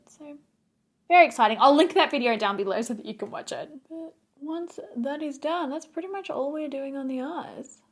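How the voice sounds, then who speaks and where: A young woman chatting casually as she does her makeup on camera. She is playful and wanders off topic, and her voice sits a little high. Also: moderate pace. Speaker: beauty vlogger. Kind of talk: casual get-ready-with-me chat.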